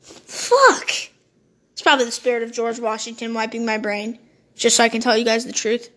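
High-voiced woman on a profane rant. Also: completely flat delivery, quick pace, fairly bright tone. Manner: profane, heated ranting that loses its train of thought. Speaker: podcast host. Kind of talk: solo podcast rant.

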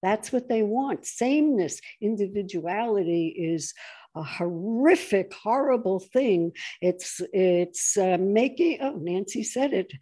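Mellow-voiced woman, animated political talk. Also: a little slow. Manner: animated, mocks opponents in shrill voices. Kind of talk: political conversation.

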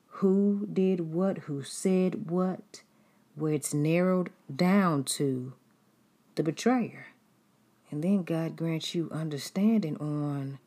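A woman giving a sermon-style teaching in a slow, soft, half-whispered and drawn-out way. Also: deep voice. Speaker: preacher.

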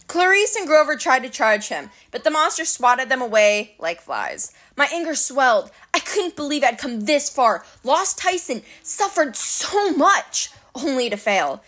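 A woman narrating an adventure story in an expressive, dramatic reading. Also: high voice, a little slow, few pauses. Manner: animated, dramatic. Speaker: audiobook narrator.

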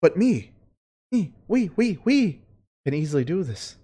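A scheming fey courtier from a tabletop game, voiced by the game master, who swears freely and makes a pushy pitch. The voice swoops up and down a lot. She coaxes and needles in turn. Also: big pitch swings, measured pace, dark tone, breathy edge. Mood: coaxing. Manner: profane persuasive sales pitch. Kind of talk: tabletop role-play.

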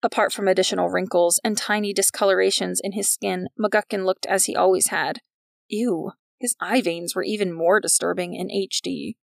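A woman with a gravelly voice reads a story aloud in a wry narrating style. The recording is dry and close, with no room sound. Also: medium pitch, fairly even intonation, normal speed, no echo. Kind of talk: scripted narration of a fiction podcast.

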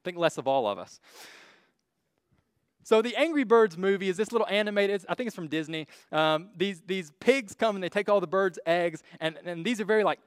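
A man giving a casual lecture to a group, working through his slides. He is blunt and throws in joking asides. His voice sits a bit higher than most men's, and the recording is dry and close. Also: lively intonation, fairly quick, clear, resonant tone, no echo. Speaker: speaker teaching a class on faith and evolution.

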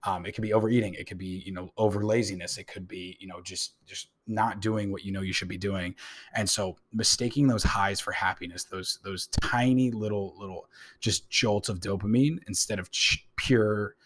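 A man with a very deep, low-pitched voice talks on his own podcast. He is a young adult, musing aloud in a loose, rambling way, leaning on "you know" and casual swearing. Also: fairly even intonation, normal speed, a bit bright. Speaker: podcast host. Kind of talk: casual monologue.

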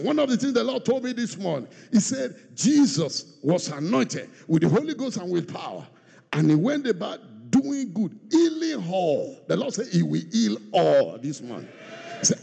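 A male pastor preaching a sermon with a very gravelly, husky voice. His pitch leaps high and drops low as he swings from shouts to quiet asides. The sound carries a long echo from a large church hall. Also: sing-song, moderate pace.

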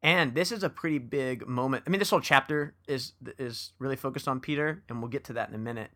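An enthusiastic man co-hosts a book chat. His voice is bright and lively, and he stumbles over his words when he is excited. He slows down to a steady pace when he reads from the book. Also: mid-range voice. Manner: enthusiastic, many restarts. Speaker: podcast co-host. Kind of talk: casual book discussion and reading aloud.

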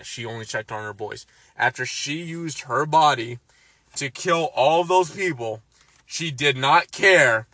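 A man's voice: medium pitch, pushed and bright, no echo. A man casually recapping a film, ranting and swearing, exasperated. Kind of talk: casual movie recap chat.

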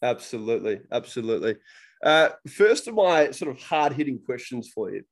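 A man's voice: medium pitch, sing-song, normal speed. Matey Australian male host. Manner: matey, jokey questions. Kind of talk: casual interview chat.

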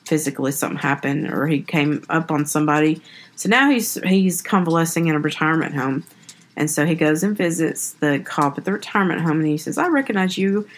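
A woman's voice: deep voice, fairly quick. Rambling woman recapping a movie. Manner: rambling, self-correcting retelling with hedges. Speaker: podcast host. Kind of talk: casual film recap.

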